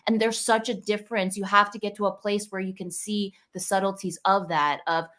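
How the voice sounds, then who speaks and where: A woman's voice: medium pitch, fairly even intonation, fairly quick, fairly bright tone. A woman in her thirties in casual podcast chat, speaking in an earnest and reflective way. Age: 30s. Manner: earnest, reflective, talks through inner dialogue.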